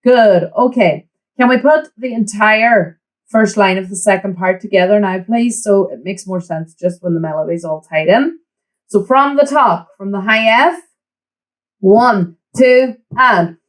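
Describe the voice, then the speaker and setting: A woman teaching a flute lesson, giving tips and counting the student in with steady encouragement. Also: medium pitch, measured pace, poor audio. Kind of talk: online music lesson.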